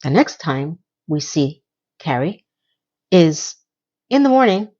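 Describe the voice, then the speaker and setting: A woman's voice: deep voice, very animated, slow, warm tone, muffled recording. A woman giving a casual recap of a TV episode, with blunt, exasperated commentary and words she repeats for emphasis. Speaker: TV recap reviewer.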